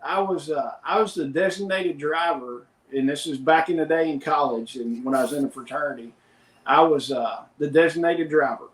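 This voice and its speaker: A man's voice: a little high, moderate pace. Man spinning rambling stories, echoey room. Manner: rambling anecdotes, quotes others in plain voice. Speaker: podcast co-host. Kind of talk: casual storytelling chat.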